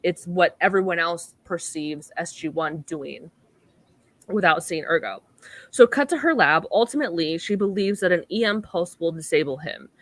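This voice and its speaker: A young woman co-hosting a podcast speaks expressively at a moderate pace, her voice on the low side, in a dry recording. She casually walks through an episode recap, leaning on "like" and acting out what others said.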